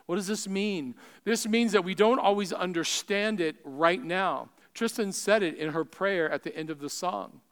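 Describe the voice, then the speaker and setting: Pastor, male, high resonant voice, impassioned sermon delivery with quiet appeals, long hall reverb. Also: normal speed, few pauses, smooth. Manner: impassioned, swelling then dropping to soft appeals. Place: church sanctuary.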